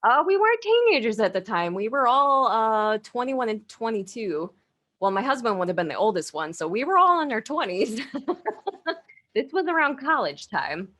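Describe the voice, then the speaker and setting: Woman co-host, laid-back storyteller, expressive and swinging in pitch, quick to laugh, salty language. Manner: animated, laughing and swearing. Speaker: podcast co-host. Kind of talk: casual storytelling.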